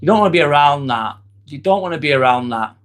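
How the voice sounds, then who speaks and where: A man's voice: fairly high pitch, lively intonation, quick pace. A man, hosting a casual live stream, talking bluntly and candidly while answering chat comments. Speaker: livestream host.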